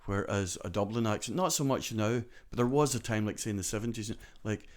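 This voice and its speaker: A man's voice: fairly low pitch, fairly quick, a little mellow. A man in his sixties with a Glasgow Scottish accent, telling stories as a podcast guest in a rambling way full of "do you know" asides. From born in Glasgow, raised partly in Donegal. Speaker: guest storyteller. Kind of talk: conversational podcast storytelling.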